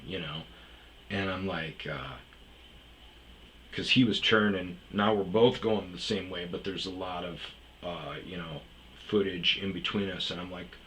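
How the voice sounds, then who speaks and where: Low-voiced man telling a rambling story. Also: fairly bright tone, a little hiss or hum, rough recording. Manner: rambling, heavy swearing, many fillers. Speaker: storyteller host. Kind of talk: casual profane storytelling.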